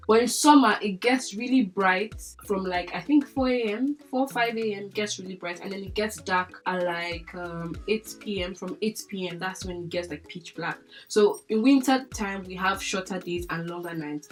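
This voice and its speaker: Young Nigerian woman, casual vlogger, mid-pitched, chatty and animated, light music underneath. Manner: chatty, animated, laughs often, many fillers like "like". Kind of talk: casual chat to camera.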